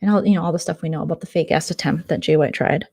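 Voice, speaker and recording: A young adult woman vlogger doing casual late-night commentary, retelling drama in a gossipy, sarcastic, animated way. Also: low-pitched, racing, creaky, slightly rough.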